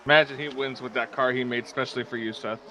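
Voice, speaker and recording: Joking co-commentator heard from off-mic. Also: male voice, medium pitch, fairly even intonation, fast talker, distant mic, noisy background. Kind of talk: casual commentary banter.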